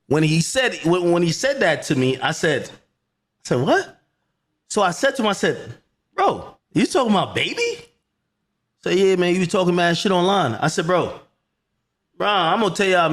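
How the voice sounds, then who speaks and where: A man telling a story in a heated rant, swearing, repeating himself and quoting others. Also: fairly high pitch. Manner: swears a lot, repeats himself, grows loud and shouting.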